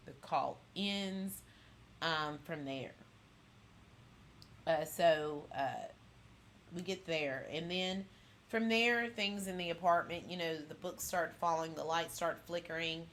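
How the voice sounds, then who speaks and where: A woman's voice: on the low side, slow, a bit bright, slight background noise. A woman hosting a pop culture channel, casually recapping an episode in a rambling way full of fillers and restarts.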